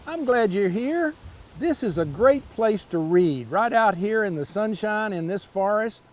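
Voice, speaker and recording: Older man, storytime reader, folksy kid-friendly asides, high lively voice. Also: measured pace. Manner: folksy, chatty asides to kids. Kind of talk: reading a picture book aloud to children.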